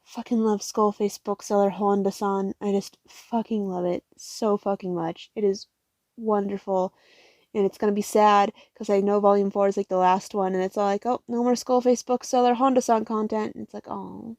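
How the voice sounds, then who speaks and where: A woman's voice: mid-range voice, a little mellow, no echo. Tired, profane young woman rambling about manga. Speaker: manga haul vlogger. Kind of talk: casual haul vlog.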